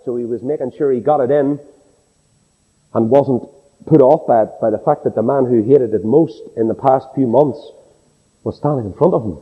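At medium pitch and normal speed, with a breathy edge, a man gives an emphatic, dramatic sermon and impersonates those he quotes. The audio is dull and carries a long hall reverb.

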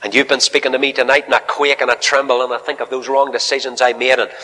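A man preaching a fiery revival sermon in a large church hall, swinging from shouted appeals to hushed near-whispers. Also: medium pitch, little pitch movement, quick pace.

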